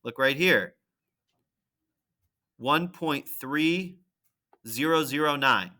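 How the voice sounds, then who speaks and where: A math teacher walking through a graphing problem on screen, thinking aloud and checking in with "right?" and "okay?". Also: male voice, medium pitch, bright, forceful tone. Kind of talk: screen-recorded lesson walkthrough.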